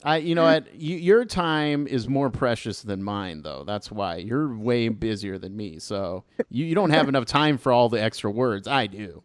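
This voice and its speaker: A man's voice: medium pitch, expressive, moderate pace, few pauses, no room sound, studio quality. A man of Mexican heritage hosting a podcast, chatting in a playful, self-deprecating way. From Mexican-American upbringing. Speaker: podcast host. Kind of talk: casual chat.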